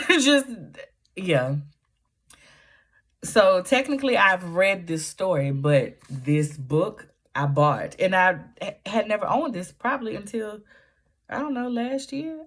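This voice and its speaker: Low-voiced woman, animated vlog chat. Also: a little slow. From Southern US. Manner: animated storytelling with Southern Black vernacular. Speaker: book vlogger.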